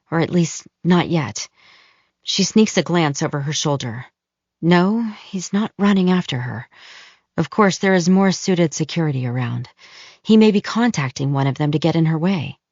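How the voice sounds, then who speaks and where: A woman reading a thriller audiobook in scripted narration, measured and even, close to the mic, in dull lo-fi audio. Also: low-pitched, no room sound.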